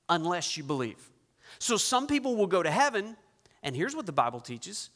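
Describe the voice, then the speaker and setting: A male pastor preaching a sermon, shifting from loud emphatic lines to hushed, intense ones. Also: high-pitched, sing-song, normal speed. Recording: long reverb in a large hall.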